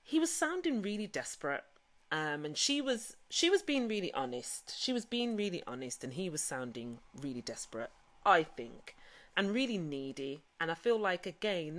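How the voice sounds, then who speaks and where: A low-pitched woman talks through a show recap in a loose, chatty vlog style. She fills her sentences with "you know" and "like" as she goes. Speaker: recap vlogger. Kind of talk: casual recap with retold quotes.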